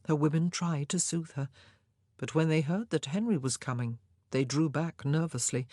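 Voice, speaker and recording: A woman narrating a historical novel in a measured, expressive storytelling voice. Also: sits low, dry recording, studio quality. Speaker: audiobook narrator.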